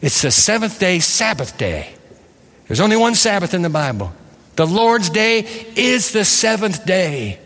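A man's voice: fairly high pitch, a bit bright. A male pastor delivering an emphatic sermon in a large church sanctuary, surging and dropping in intensity as he preaches. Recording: long hall reverb.

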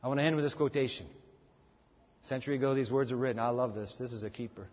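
A man preaching a sermon in a church, building to soaring, slowed climaxes and dropping to hushed tones. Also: mid-range voice. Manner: impassioned, slows and swells at climaxes, drops to hushed near-whispers. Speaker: pastor. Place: church sanctuary. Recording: dull lo-fi sound in a reverberant hall.

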